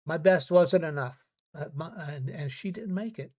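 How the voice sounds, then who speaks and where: A man with a slightly high voice tells personal stories to his podcast listeners. He speaks earnestly and haltingly, stumbling and repeating words as he restarts his sentences. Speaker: podcast host. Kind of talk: personal storytelling monologue.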